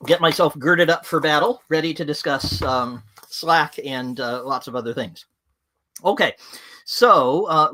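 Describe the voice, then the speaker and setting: A man's voice: medium pitch, bright, forceful tone. A man hosting a livestream, talking in a chatty, rambling way with lots of fillers. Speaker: livestream host. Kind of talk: opinionated livestream talk.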